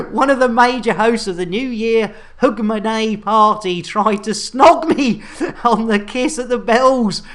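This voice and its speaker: Her voice is a little high and her pace slow. This UK-based game streamer keeps up jokey, casual chat with viewers as she plays, laughing frequently and coming back to her catchphrases.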